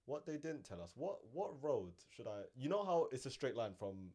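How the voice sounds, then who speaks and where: A young man with a London accent, telling stories in animated, slangy casual banter with friends. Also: mid-range voice, normal speed, slightly rough. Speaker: friend in group chat.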